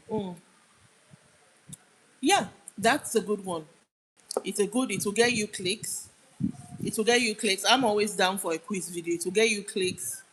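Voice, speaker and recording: A woman's voice: medium pitch, a bit bright, slightly rough, poor audio. A young woman with a Nigerian accent hosts a casual livestream. She chats with her viewers and reads out their comments as she goes, often trailing off mid-sentence. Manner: chatty, answers comments aloud, drifts off mid-sentence. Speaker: livestream host.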